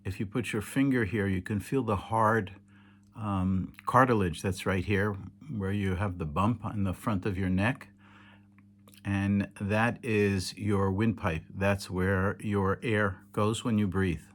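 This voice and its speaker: Tired man teaching, low voice. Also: fairly even intonation, slow. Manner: patient, explanatory, many "um"s and self-corrections. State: tired, yawning. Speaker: teacher demonstrating kosher slaughter. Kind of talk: tired late-night instructional video. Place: home indoors in Israel, at night.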